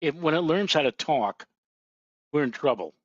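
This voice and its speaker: A man's voice: fairly high pitch, lively intonation, normal speed, muffled recording. A man co-hosting a live weather show, chatting in a wry, joking way. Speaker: co-host. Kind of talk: casual chat.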